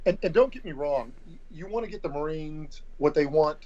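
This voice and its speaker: A middle-aged man, a guest on a podcast, explaining things deliberately and repeating words as he thinks. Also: a little high, expressive, darkish tone. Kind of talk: casual conversation. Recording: slightly dull lo-fi audio.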